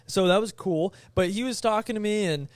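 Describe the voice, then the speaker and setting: A young man on a podcast, casually telling a travel story and acting out the quoted voices with animated energy. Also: high-pitched, fairly quick, no room sound. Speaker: podcast co-host.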